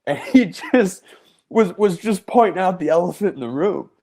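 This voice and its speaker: A man's voice: high voice, moderate pace. A man hosts a sports talk podcast with a slightly raised voice. He keeps things loose, teasing his co-hosts and joking around. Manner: joking, lively banter. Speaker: podcast host.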